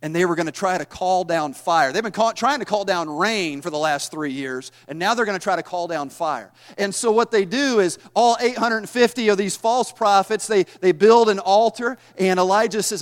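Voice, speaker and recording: A man preaching a sermon, retelling scripture in a folksy, animated style. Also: high voice, moderate pace, hardly any pauses. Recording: long hall reverb.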